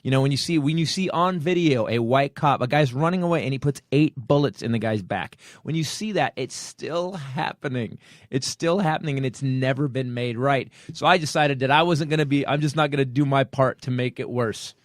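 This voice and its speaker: Middle-aged man, comedy podcast host, lively storyteller, dry close-mic sound. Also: mid-range voice, fairly quick, hardly any pauses, no echo. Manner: animated storytelling, acts out quoted friends. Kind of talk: casual comedy podcast talk.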